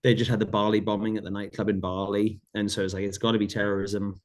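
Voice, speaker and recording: A man's voice: on the low side, level tone, fast talker. A middle-aged man, a podcast guest, earnestly retelling a personal story in vivid detail, often repeating phrases.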